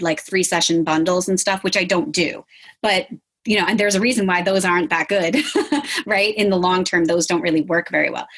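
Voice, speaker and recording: A woman dietitian talking casually as an interview guest, animated and acting out what her clients say. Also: lowish voice, slightly rough. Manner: animated, acts out quotes of clients.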